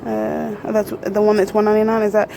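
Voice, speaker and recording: A woman, talking through a casual vlog in an excitable, gushing way, often laughing. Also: medium pitch, quick pace, creaky, slight background noise, poor audio. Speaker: vlogger.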